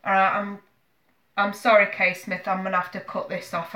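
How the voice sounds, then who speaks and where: A woman's voice: medium pitch, little pitch movement, unhurried, long pauses, sharp tone, reverberant, slight background noise. A woman giving a live tarot reading from home, speaking earnestly and emotionally to a viewer. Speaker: tarot reader.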